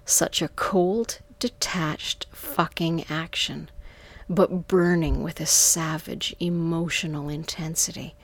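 A woman narrating a first-person erotic story in a soft, half-whispered, drawn-out delivery, close to the mic. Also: sits low, steady tone.

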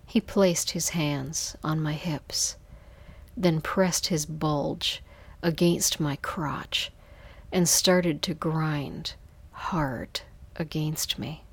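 A woman narrating an intimate first-person story in a soft, hushed voice. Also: low voice, fairly even intonation, slow, husky.

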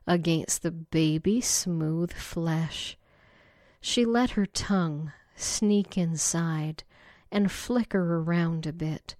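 Very slow, soft-spoken woman storyteller. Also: fairly low pitch, no room sound, clean studio sound. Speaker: story narrator. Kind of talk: slow read-aloud story narration.

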